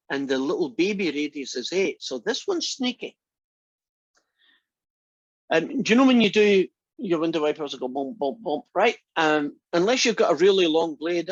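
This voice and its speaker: A fairly high-pitched man teaches math in a dry, dull lo-fi lecture recording. He keeps the class chatty and teasing, repeatedly asking his students questions.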